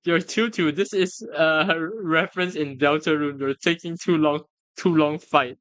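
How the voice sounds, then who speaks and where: A streamer reacting on a live stream in a casual, excitable way, laughing often, swearing freely and stammering through restarts. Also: mid-range voice, moderate pace, clean tone, no room sound. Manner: stammers and restarts when flustered.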